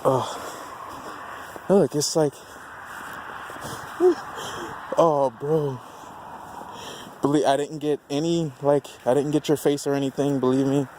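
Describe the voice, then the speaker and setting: Excitable guy on a handheld camera outside at night, slightly high voice, drawn-out delivery, faint traffic hum. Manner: giddy, laughs often, swears freely. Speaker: vlogger filming a burnout. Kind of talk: excited casual commentary. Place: outdoors on a road at night.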